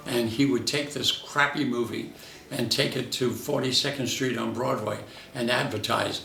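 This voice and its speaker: An older man, a veteran character actor, telling lively anecdotes from his career in an interview and acting out the voices in his stories. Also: mid-range voice, moderate pace, creaky, echoey room, recorded from a distance, slight background noise.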